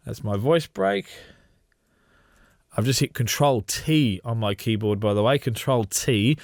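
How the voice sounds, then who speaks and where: A man walking through a software tutorial as a radio trainer, explaining step by step in a relaxed way with frequent ums. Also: medium pitch, dry recording, clean studio sound.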